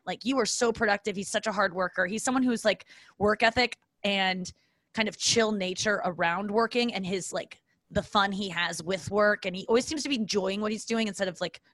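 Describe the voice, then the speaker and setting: A woman's voice: mid-range voice, a bit bright, no room sound. A woman hosting a casual solo podcast, rambling and self-deprecating, swearing freely as she wanders off topic. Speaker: podcast host. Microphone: podcast microphone.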